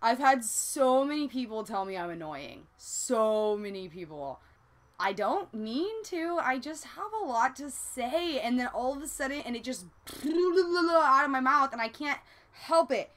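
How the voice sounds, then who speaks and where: A woman's voice: high-pitched, expressive, unhurried, fairly bright tone. A young woman in her twenties with a Southern Californian accent, talking casually in a rambling, confessional vlog full of "like" and casual swearing. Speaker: vlogger.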